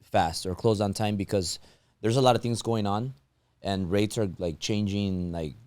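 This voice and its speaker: A man hosting an interview, asking loose, halting questions with many restarts. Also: lowish voice, darkish tone, smooth, dry recording. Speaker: podcast host. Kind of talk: casual interview.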